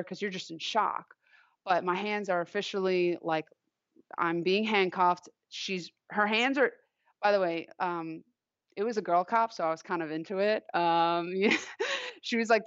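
A woman's voice: medium pitch, no echo. Young woman from long island just chatting through a story, says like a lot, kinda muffled lo-fi audio. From Long Island, New York. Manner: chatty, heavy use of "like" fillers. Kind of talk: casual personal storytelling. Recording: dull, lo-fi, dry recording.

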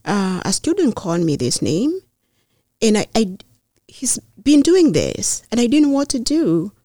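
A middle-aged woman, a guest telling personal stories in an earnest, measured way with thoughtful pauses. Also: a little high, very animated, warm tone, no room sound, studio quality. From Kenya. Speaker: mayoral candidate, guest. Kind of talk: personal storytelling in conversation.

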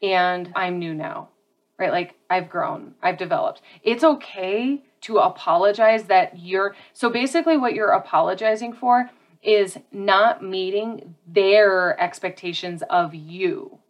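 A woman's voice: mid-range voice, unhurried, muffled recording. A woman speaking earnestly and directly about handling conflict. She talks casually to her listeners and repeats key phrases for emphasis. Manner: casual, addresses listeners as "y'all" and "you guys". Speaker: self-help speaker. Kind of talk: motivational talk to an audience.

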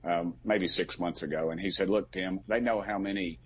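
A middle-aged man with a drawl speaks in a deep, husky voice. He talks in a folksy way, stumbling over restarts and growing heated as he goes. He is a guest in a political interview. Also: steady tone, normal speed. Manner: folksy, gets worked up. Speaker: congressman guest.

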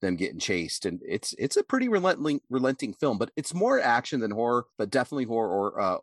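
A man's voice: medium pitch, sing-song, quick pace, no room sound, clean studio sound. A man co-hosting a podcast in casual, profane talk, rambling through a story and acting out quotes in a raised voice. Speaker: podcast co-host.

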